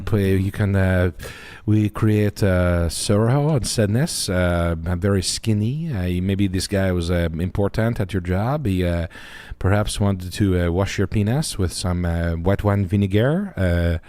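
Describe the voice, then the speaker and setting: A man voicing a pompous, crude French man with a put-on French accent, halting and full of fillers. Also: sits low, mellow, no echo. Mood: mock-serious.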